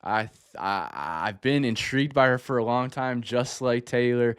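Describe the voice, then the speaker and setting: A man's voice: mid-range voice, moderate pace, clean tone, dry recording, studio quality. A man hosting a music reaction, talking casually and enthusiastically, often exclaiming between thoughts.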